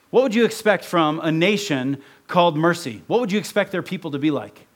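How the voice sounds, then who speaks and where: A man's voice: fairly high pitch, expressive, fairly quick, hardly any pauses. A man from Ohio preaching a sermon in a conversational way, often checking in with the congregation. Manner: conversational preaching with repeated "right?". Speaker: pastor.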